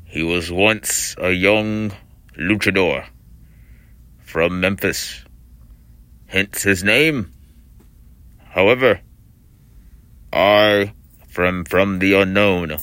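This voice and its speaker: A man voicing a mysterious masked male villain on an audition tape, with slow, deliberate, ominous pauses. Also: deep voice, sharp tone, clear, resonant tone, dry recording, full character voice.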